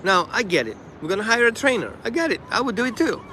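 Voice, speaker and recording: Brief: animated male dog trainer, bright voice, talking outside with faint traffic behind him. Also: high-pitched. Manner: animated, acts out the dog and owners in quick asides. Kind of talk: casual live stream monologue.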